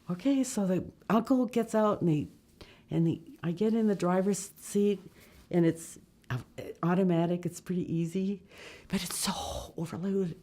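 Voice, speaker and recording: Storyteller: woman with a low voice, lively and animated, plays out the other voices. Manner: lively, acts out voices, laughs often. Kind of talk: personal travel story.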